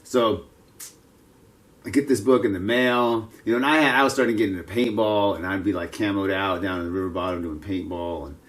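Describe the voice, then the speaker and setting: A man's voice: lowish voice, a little fast. A man in his fifties, vlogging casually outdoors, talking in a chatty, digressive, self-mocking way. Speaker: martial arts vlogger. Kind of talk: casual rambling monologue. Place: outdoors, with passers-by around.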